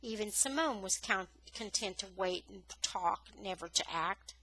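An audiobook reader, a woman with a mid-range voice, reads a novel aloud a little slowly. She tells it expressively, lifting her voice on dramatic words, and the recording is low quality.

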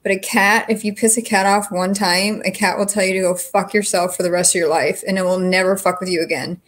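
A woman's voice: medium pitch, flat delivery, brisk. A woman hosting a casual livestream from home, chatting frankly with viewers and swearing freely. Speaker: livestream host.

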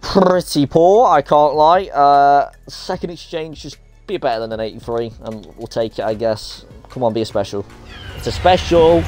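Young male gamer, excitable pack-opening commentary, mid-pitched voice over faint background music. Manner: excitable, chatty, reacts aloud to each card. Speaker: gaming YouTuber.

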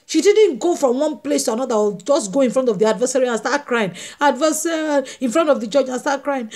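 Woman evangelist, sermon, emphatic, repeats herself, fairly high pitch. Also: expressive, normal speed, few pauses, a little mellow. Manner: emphatic, repeats phrases, addresses the congregation directly.

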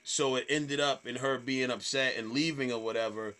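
A man, a comedian, telling stage stories in casual chat, swearing freely and acting out hecklers in loud voices. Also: medium pitch, normal speed. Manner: animated storyteller, acts out hecklers in loud voices. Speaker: stand-up comedian guest.

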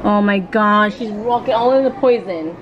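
A woman vlogging her family day, talking in an expressive, excitable way and dropping in Spanish phrases. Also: medium pitch, normal speed, dull audio, background noise. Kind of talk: casual daily vlog. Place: home, then outside in a parking lot.

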